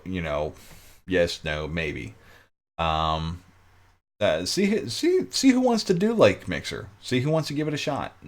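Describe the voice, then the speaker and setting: A man hosting his own live-stream talk show, chatting casually with viewers, full of restarts and jokey asides. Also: deep voice.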